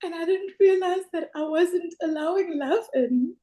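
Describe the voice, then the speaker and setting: A woman's voice: extremely high pitch, unhurried, warm tone. A woman on a group video call, sharing in an emotional, heartfelt way. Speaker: call participant.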